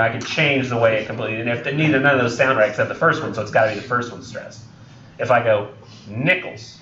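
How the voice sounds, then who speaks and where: A man's voice: mid-range voice, a bit bright, a little hiss or hum. A young man with a drawl lectures a college class, wandering off on tangents and correcting himself as he goes. His mid-range voice carries across a roomy classroom, picked up from a distance. The recording sounds dull and lo-fi. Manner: rambling, joking, many ums and self-corrections. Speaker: college English instructor.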